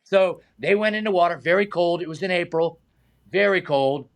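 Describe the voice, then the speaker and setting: Guy, middle-aged, kinda high and gravelly, laughing through stunt stories and doing everyone's voices. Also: moderate pace. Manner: animated anecdotes, acts out quoted voices, laughs often. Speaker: stunt man and high diver, guest. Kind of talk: casual storytelling interview.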